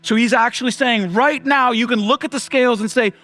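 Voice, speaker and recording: Casual pastor with a high voice, chatty sermon delivery, goes lively then hushed. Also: male voice, faint music behind. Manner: casual, conversational preaching with many fillers; shifts between lively emphasis and hushed, slow delivery.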